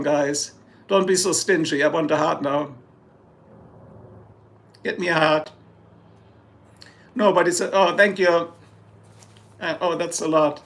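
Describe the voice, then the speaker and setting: A man's voice: a little high, vocal fry, fairly bright tone. A German man with a German accent, hosting a casual live stream, joking and rambling as he answers chat. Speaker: livestream host.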